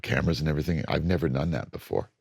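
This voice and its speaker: A middle-aged record producer being interviewed, telling blunt studio stories and acting out moments from sessions. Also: male voice, a bass voice, rapid-fire, creaky, breathy edge, dry recording. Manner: animated, blunt storytelling that acts out studio moments.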